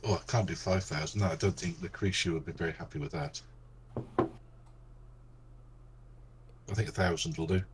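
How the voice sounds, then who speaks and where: A man's voice: low voice, quick pace, heavy background noise. A man playing a tabletop game, hesitant and full of ums and restarts. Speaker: player.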